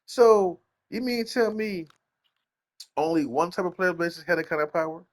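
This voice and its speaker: A young man hosting a gaming channel, ranting in casual slang, repeating himself and jumping up in pitch when incredulous. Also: moderate pace.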